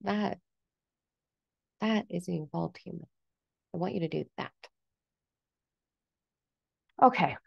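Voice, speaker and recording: A woman speaks in a deep, creaky voice, blunt and animated as she rants through self-help advice and swears casually. The sound is dry and close, with no room echo. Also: normal speed, muffled recording. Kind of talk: candid motivational rant.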